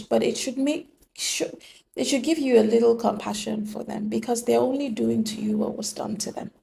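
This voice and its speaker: A woman's voice: fairly high pitch, vocal fry, warm tone, slight background noise. A woman giving an earnest, emphatic motivational monologue on relationships, full of rhetorical questions. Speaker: relationship speaker.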